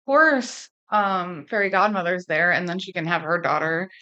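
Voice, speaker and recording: A woman's voice: on the low side, moderate pace, sharp tone, dull audio. A woman guest on a podcast, chatting casually and eagerly about a movie. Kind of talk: casual chat.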